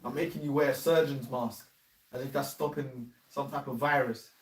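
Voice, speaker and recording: A man's voice: mid-range voice, fairly even intonation, normal speed, far from the mic. Slangy man talking off mic. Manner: rambling, slangy, says "man" often. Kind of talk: casual chat. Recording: echoey room, off mic.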